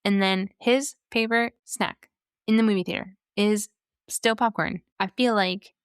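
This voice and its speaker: Lady podcast host ranting, sarcastic, smooth clear voice, dry close sound. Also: medium pitch, a little slow, dry recording. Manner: animated, sarcastic, rhetorical asides. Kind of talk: casual commentary.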